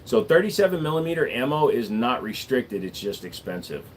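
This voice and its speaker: A man's voice: mid-range voice, very animated, slight background noise. A man, a gunsmith, answering viewers in a casual livestream chat, laid-back and wisecracking, dragging out the ends of his words. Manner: laid-back, wisecracking, drawn-out word endings.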